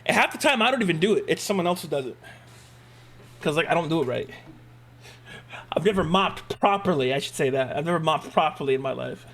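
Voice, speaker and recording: A man's voice: on the high side, lively intonation, a little fast, long pauses, a bit bright. A young man hosting a live stream, chatting casually and joking with laughs and mock outbursts. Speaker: streamer host.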